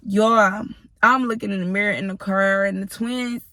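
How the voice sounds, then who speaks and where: A woman's voice: mid-range voice, fairly even intonation, normal speed, sharp tone, no echo. A woman in her thirties telling a personal story to her viewers in a blunt, profane, casual way, often turning to address them directly. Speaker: storytime vlogger.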